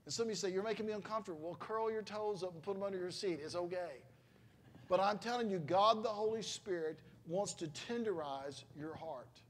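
A middle-aged pastor preaches with a notably high-pitched voice. He talks to the congregation in a loose, conversational way, telling stories with emotional exclamations. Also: a little fast, a little hiss or hum. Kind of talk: sermon.

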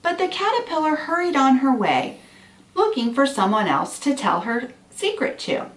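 A woman teacher reading a picture book aloud to children, pausing to ask them gentle questions. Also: high voice, very animated. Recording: echoey room, far from mic.

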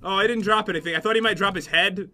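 A man co-hosting a gaming video, bantering excitedly and teasing his partner as they play. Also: high-pitched, fast. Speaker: gaming channel co-host. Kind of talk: casual gameplay banter.

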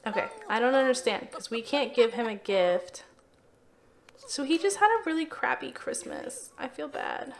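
A young woman giving casual commentary while playing a life-simulation game, chatty and quick to exclaim when things go wrong. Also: high voice, expressive, creaky, slight background noise. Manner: chatty, sympathetic, exclaims often, easily exasperated. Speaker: let's play gamer.

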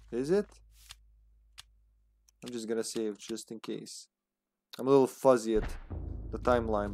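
A man's voice: mid-range voice, a little mellow, slight background noise. A man with a Serbian accent, a native Serbian speaker, chatting casually and laughing often as he livestreams a game. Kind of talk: casual gameplay commentary.

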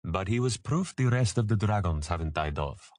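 A man voicing a powerful, caring grown man who speaks softly, proudly and gravely in a storybook. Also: low-pitched, animated, moderate pace, no echo, clean studio sound. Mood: solemn.

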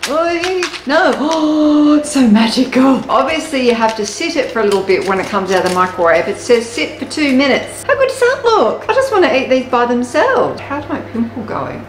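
A young woman with a slightly high voice, chatting through a snack taste test. She is bubbly and gushing, and now and then her voice jumps into excited squeals. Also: a little fast, few pauses, slight background noise. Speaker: food taste-test vlogger. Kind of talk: casual taste-test vlog chat.

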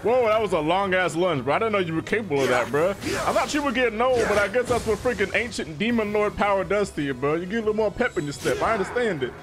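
A man giving excitable, slangy commentary while playing a video game, yelling and calling everyone bro. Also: high voice, fast, hardly any pauses. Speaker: gaming streamer. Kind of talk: gameplay commentary. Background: game music.

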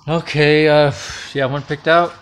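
A playful, slightly high-voiced man reads a short scary story aloud in a relaxed, homey way. He jokes around and breaks into laughter between lines, keeping things loose and casual. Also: measured pace, clear, resonant tone. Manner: playful, jokey, laughs often. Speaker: storyteller host. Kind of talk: casual bedtime story reading.

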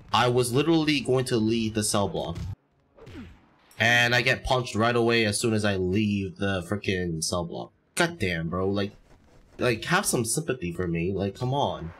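A man's voice: lowish voice, expressive, unhurried, fairly bright tone. A man hosting a casual let's-play, reacting aloud with lots of exclamations and slang. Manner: exclaiming, slangy, says "bro" often. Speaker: gaming channel host.

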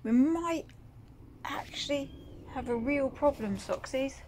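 A woman talks fondly to a cat in a coaxing, unhurried way, her voice sitting a little high. She is filming outdoors on a handheld phone. A faint hum of outdoor noise stays behind her. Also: lively intonation, a little mellow. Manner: coaxing, fond pet talk. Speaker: vlogger feeding a feral cat. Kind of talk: casual chat to a pet.

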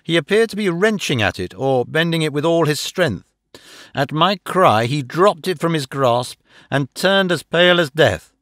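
A man narrating a classic detective story as an audiobook, reading in a measured, dramatic first-person way into a close microphone. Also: fairly high pitch, sing-song, fairly bright tone, dry recording. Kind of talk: scripted narration.

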